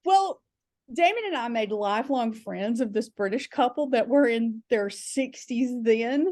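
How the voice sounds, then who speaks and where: Unhurried and expressive, this guest comedian has a fairly high voice with a darkish tone. She tells candid, chatty comic stories on a podcast, full of fillers and quoted voices, captured as clean studio sound without room sound.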